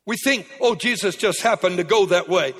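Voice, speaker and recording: Husky high-voiced preaching man. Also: moderate pace. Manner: emphatic, swings from quiet to shouted peaks. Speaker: pastor. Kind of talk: sermon preaching. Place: church sanctuary. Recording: long hall reverb.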